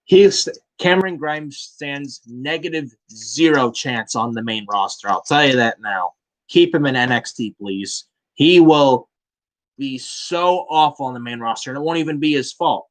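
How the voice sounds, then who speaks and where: A man's voice: mid-range voice, measured pace. A man hosting a casual wrestling review, blunt and fond of swearing, with "man" tacked onto many lines. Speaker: podcast host.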